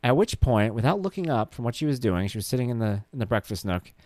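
A middle-aged man telling stories about his daughter in a casual monologue, animated and jokey, and he acts out her voice in high squeals. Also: quick pace, no room sound, clean studio sound.

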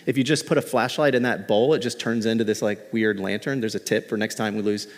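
A man pastor preaching a sermon in a conversational, animated way, mixing in light humor, in a church. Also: fairly low pitch, quick pace, long reverb tail. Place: church sanctuary.

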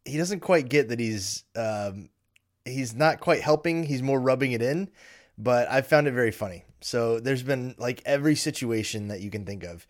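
A man's voice: mid-range voice, lively intonation, moderate pace. Candid man podcasting from his basement. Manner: candid, self-deprecating, frequent ums. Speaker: podcast host. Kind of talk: casual solo podcast talk. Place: home basement.

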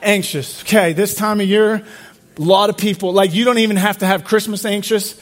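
High-voiced pastor preaching conversationally. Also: male voice, fairly even intonation, normal speed. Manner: conversational, asks the crowd questions, repeats words. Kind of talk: sermon.

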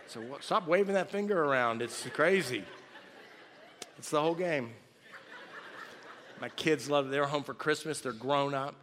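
Bright, joking preacher in a hall. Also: male voice, high-pitched, a little hiss or hum. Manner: lively, joking, acts out loud shouts. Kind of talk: storytelling sermon. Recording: long reverb of a large hall.

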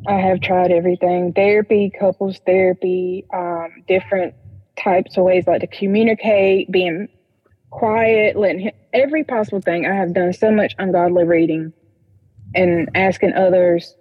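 A woman with a Southern accent phones in to a counseling show. Her voice is husky and low and sounds weary. The line is muffled and reverberant. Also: fairly even intonation, normal speed. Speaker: caller. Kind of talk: phone-in conversation.

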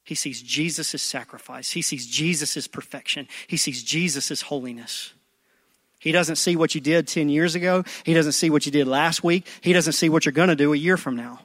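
A man preaching a sermon who swings from hushed asides to loud, pleading passages and acts out people's prayers. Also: a little high, no echo, clean studio sound. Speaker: pastor.

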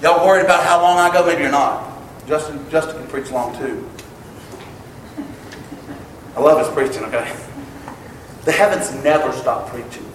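A man preaching a sermon to his congregation, emphatic and building to loud exclamations. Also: on the high side, steady tone, normal speed, long pauses, distant mic, slight background noise. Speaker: pastor. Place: church sanctuary. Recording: echoey hall, picked up from afar.

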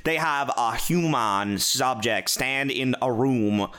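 A man's voice: medium pitch, slow pace. A man in casual podcast chat, telling rambling, profane stories with lots of fillers and restarts. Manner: rambling, profane, animated storytelling with many fillers.

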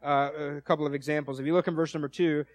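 Animated preacher, slightly high voice. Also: male voice, rapid-fire, no room sound. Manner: conversational, animated storytelling with acted quotes. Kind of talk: sermon.

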